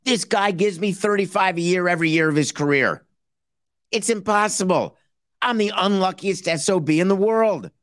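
A man putting on a whiny, self-pitying male baseball executive, speaking in a high, incredulous whine with mock-dramatic disbelief. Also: a little fast, fairly bright tone, close to an everyday voice.

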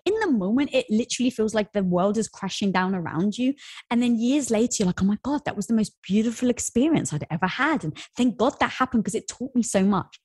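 Husky-voiced woman telling stories. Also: a little high, no echo, studio quality. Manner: animated storyteller, acts out quotes. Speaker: podcast guest, entrepreneur. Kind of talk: casual interview storytelling.

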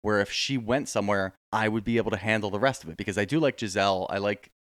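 A man's voice: lowish voice, fast talker, fairly bright tone, no echo, studio quality. A man co-hosting a casual reality TV recap podcast, ranting bluntly with plenty of swearing. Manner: blunt, profane, opinionated rants. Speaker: podcast co-host.

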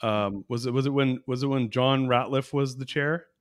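A man in his forties hosts a casual podcast interview with loud, hyped enthusiasm. His voice sits mid-range and the recording is dry and close, with no room sound. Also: mid-range voice, steady tone, moderate pace, clean tone, dry recording. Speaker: podcast host.

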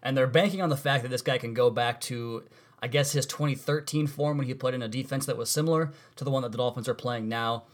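A man hosting a sports podcast, talking casually and quickly, correcting himself as he goes. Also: medium pitch, steady tone. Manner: fast, conversational, self-correcting. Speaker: podcast host.

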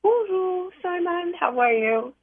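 Young woman calling in, nervous, gravelly edge, tinny phone line. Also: very high-pitched, lively intonation, slow pace, no room sound. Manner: nervous, embarrassed, uses "like" and "um". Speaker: caller. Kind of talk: phone-in question.

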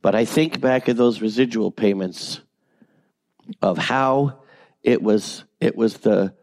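A man who works as a voice actor, telling animated, self-deprecating stories in a casual interview and swearing freely. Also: on the low side, slow pace, dry recording. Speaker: voice actor guest.

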